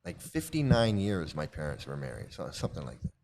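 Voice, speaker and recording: A middle-aged man, a channel host and cult critic, does casual commentary on a screen post, rambling, repeating himself, and swearing bluntly. His voice is extremely low with wild pitch swoops, vocal fry, and a darkish tone, and he talks fairly quickly. There's a little hiss or hum in the audio.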